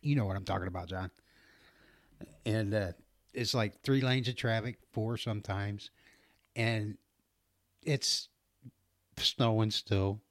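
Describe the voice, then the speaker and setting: A man's voice: on the low side, slow, pauses often, no echo, studio quality. A middle-aged man casually telling a rambling story about his trucking job, laughing often and restarting his sentences.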